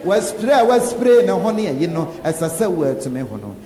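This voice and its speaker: A man preaching a sermon, animated and often laughing as he talks. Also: high voice, brisk. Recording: echoey hall with faint ambience.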